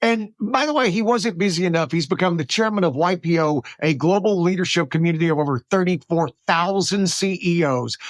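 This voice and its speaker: A man's voice: a little high, no room sound, clean studio sound. A man hosting a podcast, introducing his guest in an upbeat, admiring and chatty way. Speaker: podcast host. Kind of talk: podcast interview intro and chat.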